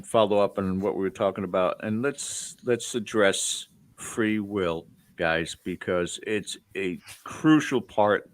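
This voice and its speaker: Low-voiced male talk show host. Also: dry recording. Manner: jokey, rambling questions. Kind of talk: casual show hosting.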